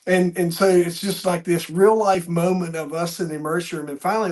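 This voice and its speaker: A middle-aged man hosting a podcast, telling stories in an animated way, acting out quotes with bursts of loud speech and frequent restarts. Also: sits high, fast talker, hardly any pauses. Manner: animated storyteller, acts out quotes loudly, many restarts. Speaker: podcast host. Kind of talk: conversational interview, storytelling.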